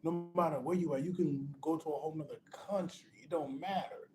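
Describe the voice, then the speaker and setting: Over music, a man with a highish voice and a steady tone talks fairly quickly. He's a spiritual motivational speaker giving a casual, emphatic pep talk, repeating himself, calling the listener "bro," restarting phrases and laughing between points.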